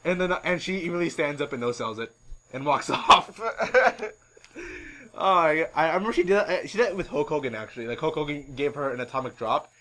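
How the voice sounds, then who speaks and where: A man hosting a podcast in casual chat, rambling and animated with many filler words. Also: fairly high pitch, a little fast, slight background noise, low-quality recording. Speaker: podcast host.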